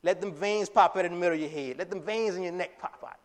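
A man preaching a sermon in a casual, conversational way, full of fillers and restarts, breaking into loud emphatic lines. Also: sits high, quick pace.

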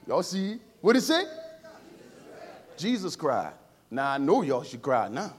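Emotional preacher man, slightly high voice. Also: big pitch swings, a little slow. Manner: emotional, swings between quiet and loud, calls out to the congregation; informal, playful asides. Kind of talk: sermon. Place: church service before a congregation.

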